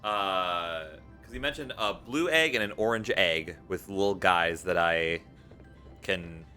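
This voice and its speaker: A man's voice: sits low, a little slow, pushed and bright, soft background music. A young man streaming a game late at night, chatting casually, reading viewers' messages aloud and encouraging them. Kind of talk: casual live-stream chat while gaming.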